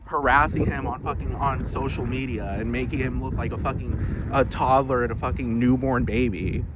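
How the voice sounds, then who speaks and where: A man's voice: mid-range voice, fairly even intonation, normal speed, noisy background. A man vlogging a heated, profane rant with many restarts, outdoors. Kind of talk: casual ranting monologue.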